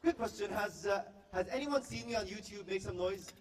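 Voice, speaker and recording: A man doing live stand-up comedy, telling stories and slipping into high put-on voices for the people he quotes. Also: fairly quick. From Korea. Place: live event hall with audience. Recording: distant stage mic with faint noise.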